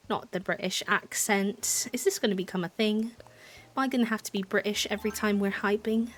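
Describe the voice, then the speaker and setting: A woman's voice: medium pitch, steady tone, a little fast. Bubbly young woman streamer. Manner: bubbly, thanks viewers, drops to soft whispers at times. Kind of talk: casual live-stream chat while gaming.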